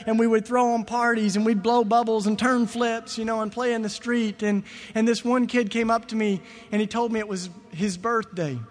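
A man preaching a sermon, moving from quiet storytelling to loud, passionate calls. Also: high-pitched, steady tone, normal speed, big-room sound.

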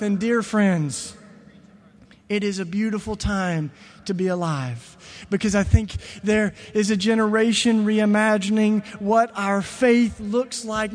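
High-voiced man preaching in a hall. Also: a little slow. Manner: builds from quiet storytelling to loud passionate preaching. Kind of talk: sermon with storytelling.

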